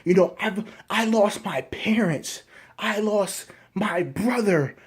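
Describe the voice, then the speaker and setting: A heartbroken, furious young sorceress tallies everything she has lost, her voice pitched a little high, as a man acts her out. Her lines come slow and heavy. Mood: anguished. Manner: raw, listing her losses one by one. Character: grieving furious young woman with reality-bending powers.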